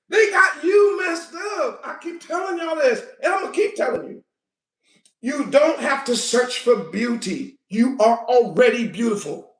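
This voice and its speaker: A woman preaching a fiery sermon, animated, often shouting and breaking into laughter. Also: extremely high pitch. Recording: echoey room.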